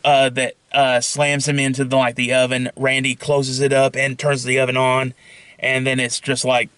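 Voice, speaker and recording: A young man pitching his own film idea in a casual, rambling monologue full of fillers and restarts. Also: completely flat delivery, normal speed, a bit bright, smooth, no echo.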